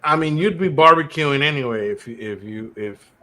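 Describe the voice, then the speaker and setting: A man's voice: fairly high pitch, normal speed, pushed and bright. A man chatting casually as a guest, laid-back and hesitant, often ending with "man". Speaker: guest in a live chat. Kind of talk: casual chat.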